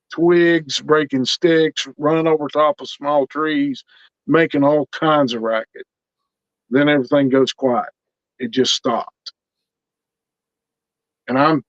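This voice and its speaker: A man's voice: on the high side, no room sound, muffled recording. Earnest, folksy male storyteller. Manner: folksy, earnest, repeats words when building tension. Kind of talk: casual spoken storytelling.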